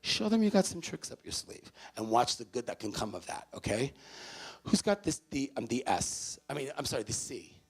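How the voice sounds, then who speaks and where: A man giving an animated storytelling talk to parents at a university event, swinging between loud bursts and hushed moments. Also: medium pitch, moderate pace, gravelly, husky. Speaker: speaker addressing parents. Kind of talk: storytelling motivational speech.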